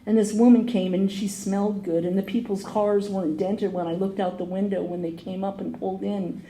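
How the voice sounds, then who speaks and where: Dark-voiced woman telling her story. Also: medium pitch, fairly even intonation, brisk. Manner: earnest storytelling, voices quoted people. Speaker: AA speaker. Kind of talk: recovery talk, personal story. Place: meeting hall. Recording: echoey room with faint noise.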